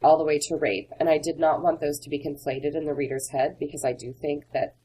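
A woman's voice: deep voice, flat delivery, brisk, mellow, slightly rough, poor audio. A woman author in an interview, talking earnestly and candidly through personal stories. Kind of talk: interview conversation.

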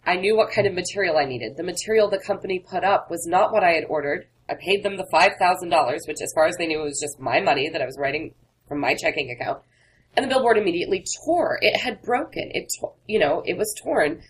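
Deep-ish woman author being interviewed, earnest, telling stories straight. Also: expressive, fast talker, breathy edge, low-quality recording. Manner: earnest, candid storytelling. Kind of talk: interview conversation.

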